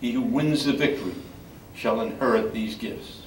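Older man, priest, measured solemn reading, medium pitch, roomy echo, faint noise. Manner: measured solemn reading, halting when speaking freely. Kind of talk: reading scripture at a memorial service. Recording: echoey room from far off, faint background noise.

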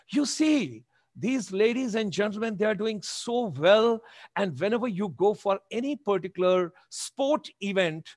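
A man in his seventies with an Indian accent delivers a motivational webinar talk over a video call, repeating emphatic exhortations. His voice sits high. The recording is dry and studio quality.

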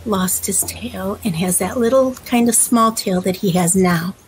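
A woman storyteller telling a folk tale to children in a gentle, unhurried way. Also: medium pitch, rough recording.

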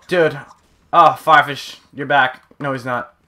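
A young man commenting over his own gameplay, excitable and often yelping and exclaiming. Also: medium pitch, unhurried. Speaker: gaming channel host.

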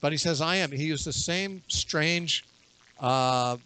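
A man in a radio interview, a bible teacher explaining scripture in a measured way and quoting verses at length. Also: fairly high pitch, pushed and bright, clean tone.

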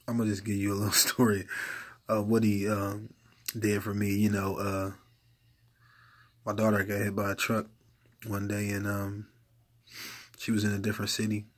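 A man preaching informally to camera in an earnest, exhorting way, repeating his points for emphasis. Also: fairly low pitch. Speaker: lay preacher.

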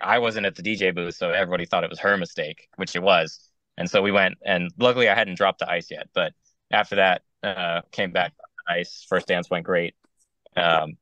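A man with a lowish voice tells a rambling, exasperated story from a wedding gig. His tone is bright and forceful, recorded close and dry with no room sound. He slips in and out of quoted voices as he talks. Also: no room sound, dull audio. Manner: rambling and exasperated, acting out both sides of conversations. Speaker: wedding DJ on a panel show. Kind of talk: casual storytelling on a round-table podcast.

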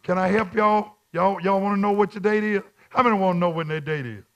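A man preaching at Bible study as a bishop, repeating his lines in call-and-response and swinging from quiet talk to shouts. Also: high-pitched, brisk, muffled recording.

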